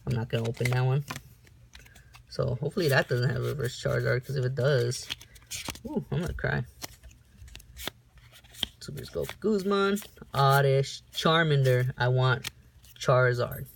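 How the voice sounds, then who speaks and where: A young man giving casual unboxing commentary, reading off cards in a slow list broken by sudden high whoops, recorded on a camera mic in a room at home. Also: gravelly, slight background noise. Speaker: card-opening vlogger.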